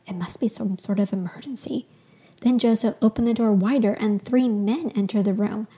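A woman hosting a podcast, reading a fictional first-person story aloud with expressive storytelling. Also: medium pitch, moderate pace. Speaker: podcast host.

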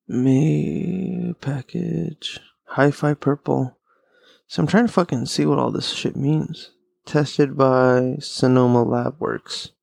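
Gravelly laid-back podcast host man. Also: mid-range voice, fairly even intonation, slow, a little mellow, no room sound, clean studio sound. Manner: rambling, profane, laid-back stoner talk. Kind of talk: casual solo podcast chat.

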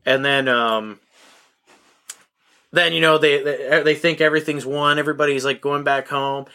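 A man's voice: fairly high pitch, fairly even intonation, moderate pace, pushed and bright, clear, resonant tone. A man co-hosting a podcast, joking his way through a movie recap and laughing often. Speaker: podcast co-host. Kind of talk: casual movie recap chat.

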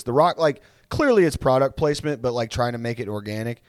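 A man's voice: mid-range voice, expressive, brisk, no echo. A man hosting a podcast in casual chat, rambling storytelling with lots of swearing and restarts. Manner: rambling, profane, many restarts. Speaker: podcast host.

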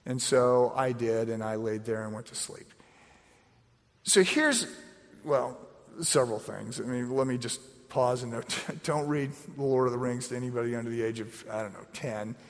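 A man's voice: mid-range voice, normal speed. A middle-aged man preaching a sermon in a conversational, self-deprecating way, often repeating words as he starts a thought. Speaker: pastor. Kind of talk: sermon with personal story. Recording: echoey hall.

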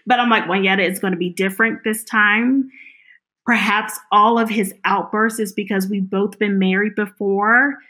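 A middle-aged woman tells her personal story in an interview, animated and acting out the lines of the people she quotes. Her voice is medium in pitch and she speaks at a normal speed.

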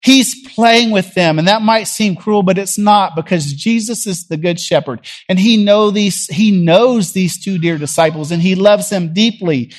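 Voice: medium pitch, a little slow, hardly any pauses. A preacher from Tennessee, giving a sermon as a conversational story and acting out the people in it. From Jackson, Tennessee.

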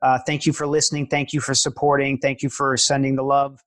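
A man's voice: mid-range voice, flat delivery, fairly quick, crowd noise. A man hosting a podcast, asking long, rambling questions in an enthusiastic, encouraging way. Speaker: podcast host. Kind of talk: casual interview chat.

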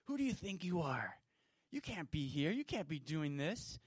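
A man putting on shrill, scolding religious elders. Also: sing-song, moderate pace, slightly rough, dry recording, clean studio sound. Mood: indignant. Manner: shrill, accusing, rising to a shout. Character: angry scolding male religious leaders. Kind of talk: storytelling to children.

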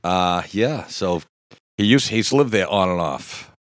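Low-voiced man telling a profane story. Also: measured pace, dry recording, clean studio sound. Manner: profane, laughing, animated storytelling. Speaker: guest storyteller. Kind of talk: casual storytelling chat.

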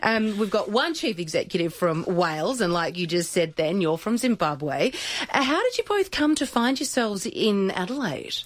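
A woman hosting a radio interview, chatty and quick to laugh with her guests. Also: medium pitch, expressive. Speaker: radio host.

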